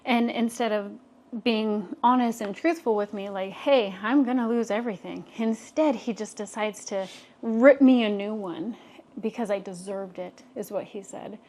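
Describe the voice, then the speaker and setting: A woman's voice: medium pitch, unhurried. Chatty woman telling a personal story. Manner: animated, many fillers and asides. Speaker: podcast co-host. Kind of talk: casual storytelling.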